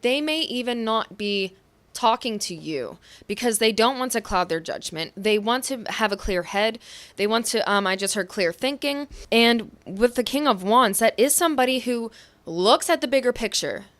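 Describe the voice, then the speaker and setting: A young woman giving a tarot reading to her viewers, with a gentle, affectionate manner and frequent intuitive asides. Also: fairly high pitch, lively intonation, normal speed. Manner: intuitive, says what she hears or feels. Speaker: tarot reader. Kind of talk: pick-a-card tarot reading.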